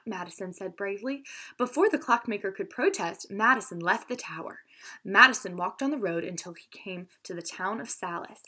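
A woman teacher reading a children's story aloud with expression, pausing now and then to explain words. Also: mid-range voice, pushed and bright, slightly rough.

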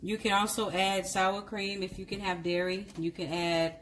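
A woman's voice: medium pitch, level tone, moderate pace, a bit bright, a little hiss or hum. A woman giving a casual cooking demonstration in a chatty way, often correcting herself and speaking directly to her viewers. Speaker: cooking vlogger.

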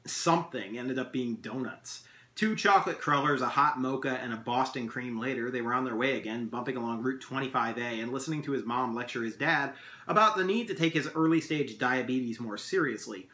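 A man, an English teacher, reading his own novel aloud in steady storytelling narration. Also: medium pitch, fairly quick. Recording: echoey room.

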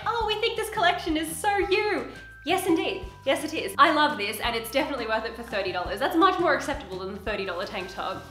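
A woman's voice: a little high, bright, forceful tone. A young woman YouTuber in casual, bubbly try-on haul chat, often laughing. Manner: bubbly and chatty, often laughing, talks to her pet. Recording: echoey room with background music.

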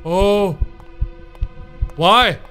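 Young male gamer, nervous and jumpy, swearing through horror game commentary, higher than average voice. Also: very slow, pushed and bright, faint music behind. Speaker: gaming YouTuber.

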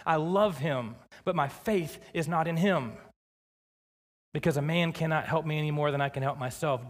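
A man preaching a sermon as pastor, emphatic, slowing down hard on scripture lines. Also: on the high side. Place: church sanctuary. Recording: long church reverb.

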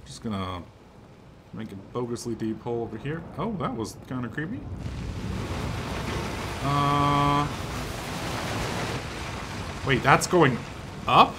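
A young man giving sarcastic, profane let's play commentary, swinging between muttering and excited shouting. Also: medium pitch, slow, pauses often, background noise. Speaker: gaming commentator.

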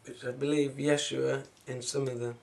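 A man's voice: mid-range voice, flat delivery, normal speed, vocal fry. Musing man on spiritual matters. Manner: musing, wandering, with soft laughs and trailing-off phrases. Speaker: spiritual vlogger. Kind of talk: casual spiritual monologue.

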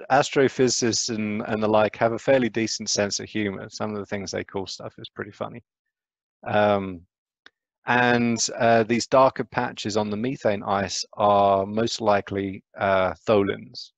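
Casual lecturing man, low dull voice. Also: gravelly, no echo. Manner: casual, chatty, often tags "right?". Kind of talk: informal astronomy lecture.

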